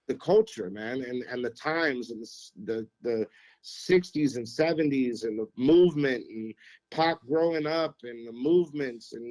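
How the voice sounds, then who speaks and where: A middle-aged man, a former radio programmer, telling anecdotes on a podcast in an animated, casual way. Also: mid-range voice, poor audio. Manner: animated anecdote-telling, acts out quotes, keeps saying "you know what I mean". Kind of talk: casual storytelling.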